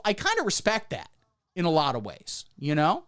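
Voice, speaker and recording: Guy doing a crude sarcastic pundit bit on a livestream, voice kinda high and bouncing all over the place. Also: wildly swooping pitch, moderate pace, smooth. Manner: mock-pundit persona, jumping between loud outbursts and muttered asides. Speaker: comedy livestream host. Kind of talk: satirical political comedy rant. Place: indoor room under hot studio lights.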